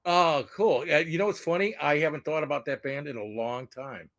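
A man's voice: fairly high pitch, normal speed, fairly bright tone, no room sound. A man appears as a guest on a show and chats casually. He chuckles often and has a slight lisp. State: lisping after a tooth pulled. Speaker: guest, painter. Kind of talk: casual chat.

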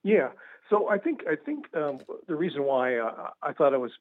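Male guest on the phone, rambling, lively pitch, tinny line, dry sound. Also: normal speed, dry recording. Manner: rambling, repeats words, laughs at his own stories. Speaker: author guest. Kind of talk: casual radio interview.

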